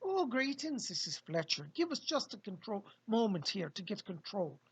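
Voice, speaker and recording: A man's voice: sits high, very animated, normal speed, husky, full character voice. A man voicing a genial male spirit guide who speaks through a medium, with a hearty, old-fashioned way of greeting. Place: home.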